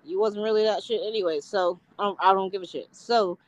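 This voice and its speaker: A woman trading blunt, profane remarks in a relaxed podcast chat, with nothing held back. Her voice sits at an ordinary middle pitch. It is recorded close and dry, with no room sound. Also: a little fast, no room sound, muffled recording. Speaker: podcast co-host.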